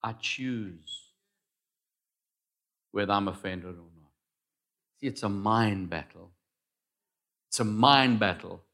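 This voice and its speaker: A man preaching a sermon, swinging between loud declarations and quiet asides. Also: lowish voice, slow pace, gravelly, pauses often. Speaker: pastor.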